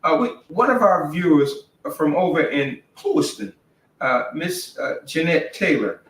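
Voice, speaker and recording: A man hosting a community talk show over a video call, speaking haltingly with many fillers and restarts. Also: on the high side, expressive. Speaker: host. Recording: roomy, distant video call audio.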